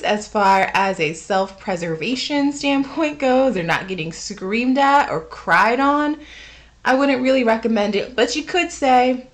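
A woman from the United States, a teacher, explaining the meaning of a word in a chatty, conversational way with fillers and asides. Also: fairly high pitch. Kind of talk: unscripted casual explanation to camera.

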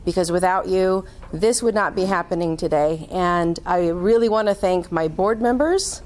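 A woman's voice: lowish voice, clean tone. A woman hosting an event, introducing the guest speaker in an informal, chatty way with many fillers. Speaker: event host.

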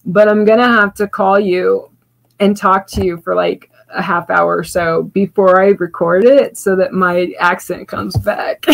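A woman's voice: medium pitch, level tone, measured pace, creaky, low-quality recording. Rambling, chatty Southern-raised woman. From Louisiana, US South. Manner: rambling and chatty, with frequent restarts and laughter. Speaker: livestream host and spoken-word poet. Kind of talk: casual livestream sign-off.

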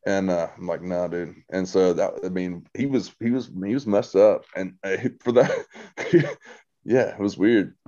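Casual male storyteller, low pitched, swears and rambles, muffled lo-fi recording. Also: unhurried, warm tone. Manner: rambling ghost story with restarts, swearing and quoted voices. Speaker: podcast guest, host's brother.

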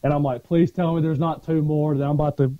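A former Marine co-hosting a podcast, telling stories in a profane, animated way and acting out the shouting. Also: male voice, a little high, fast talker, no room sound. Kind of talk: casual storytelling chat. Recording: dull lo-fi dry sound.

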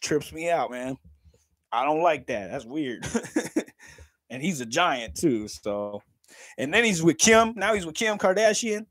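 A man's voice: on the high side, animated, measured pace, long pauses, fairly bright tone, dry recording, clean studio sound. A man in his thirties chatting casually on a livestream, laughing often, swearing freely and talking straight to his viewers. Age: 30s.

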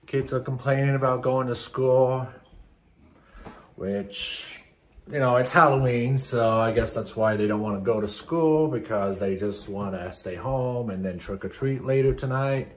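At home, a family vlogger and father talks to the camera in a casual, rambling way, full of "uh" and "you know" and addressing viewers as "guys." He's middle-aged, with a medium-pitched voice and a measured pace.

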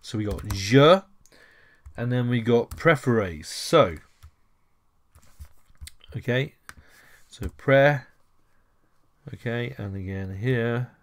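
A man's voice: mid-range voice, animated, slow, long pauses. A man teaching French in a casual lesson, chatty and self-correcting, who calls his viewers ladies and gents. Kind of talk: casual lesson while writing on a board.

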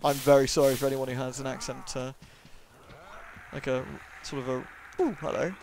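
A man's voice: mid-range voice, flat delivery, normal speed, darkish tone, a little hiss or hum. A young man giving casual, jokey let's-play commentary, swearing and chatting to the game character. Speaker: gaming YouTuber.

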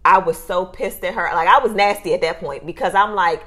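A woman co-hosting a casual talk show, telling a story in an animated way and acting out the people in it. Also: fairly low pitch, brisk. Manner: animated storyteller, acts out quotes. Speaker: podcast co-host. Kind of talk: casual chat.

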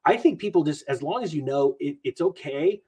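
A man talks markets in a loose, rambling podcast chat and acts out whole exchanges on the fly. His voice is husky and slightly high, and it bounces around with energy. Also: fairly quick. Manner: animated, rambling, acts out quoted people. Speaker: guest investor commentator.

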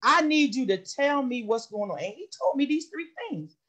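Woman, high voice, middle-aged, impassioned testimony, repeats herself for emphasis. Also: expressive, moderate pace, a bit bright. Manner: impassioned, repetitive storytelling. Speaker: study session participant. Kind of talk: personal testimony.

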